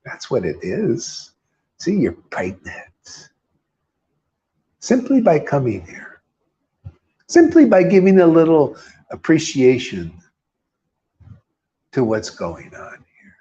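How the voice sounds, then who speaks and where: A man's voice: on the high side, wildly swooping pitch, slow, pauses often, mellow. A middle-aged man giving an informal scripture sermon, emphatic, with rhetorical questions and repeated key words. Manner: emphatic, keeps calling listeners "man". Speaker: spiritual teacher. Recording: dull lo-fi recording.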